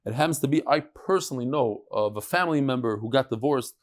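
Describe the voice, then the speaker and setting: A middle-aged man teaching a lively Talmud lesson to a live audience, mixing Hebrew and Yiddish terms and joking with listeners. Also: medium pitch, fast. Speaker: rabbi teaching a daily Talmud class. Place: study hall with a live audience.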